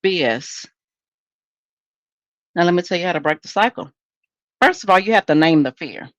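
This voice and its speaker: Woman, podcast host, low-pitched, candid and conversational, dry close mic. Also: fast, no room sound. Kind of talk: solo podcast monologue.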